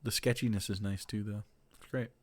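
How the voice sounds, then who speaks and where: A man's voice: lowish voice, steady tone, fairly quick. A man casually reacting to videos on his stream, loose and profane in his remarks.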